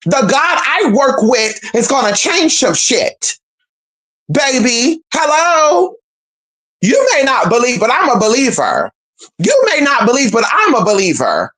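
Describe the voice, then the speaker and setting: A woman's voice: high voice, very animated, a little slow, fairly bright tone. A woman hosting a livestream, talking straight to viewers in a sassy, emphatic, swearing monologue, calling them girl and babe. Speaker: livestream host.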